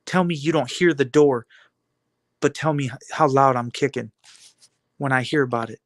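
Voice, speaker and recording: A man's voice: medium pitch, normal speed, no echo. A man giving a defiant, taunting monologue full of rhetorical questions and repeated phrases. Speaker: video blogger.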